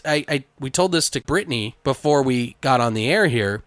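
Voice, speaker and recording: A man with a fairly high voice hosts a casual podcast chat. He rambles through stories and swears freely. The sound is dry and close. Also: brisk, hardly any pauses, a bit bright, smooth, no echo. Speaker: podcast host.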